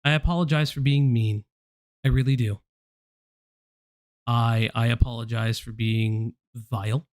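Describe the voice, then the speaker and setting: A man's voice: mid-range voice, fairly even intonation, unhurried, long pauses, a little mellow, dry recording, clean studio sound. A man hosting a live stream, speaking bluntly and confrontationally to someone he addresses directly. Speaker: stream host. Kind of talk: casual live-stream commentary.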